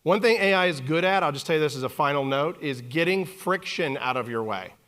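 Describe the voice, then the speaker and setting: A man in his forties giving a humorous keynote on stage, telling stories with lively acted-out quotes. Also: on the high side, brisk. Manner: animated, jokey, acts out quotes in voices. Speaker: keynote speaker. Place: conference stage.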